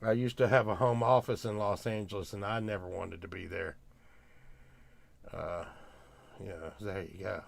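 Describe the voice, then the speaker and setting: An older man, rambling in casual chat as a podcast host, grumbling and getting loud when he rants. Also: on the low side, fairly even intonation, moderate pace, creaky, long pauses, slight background noise.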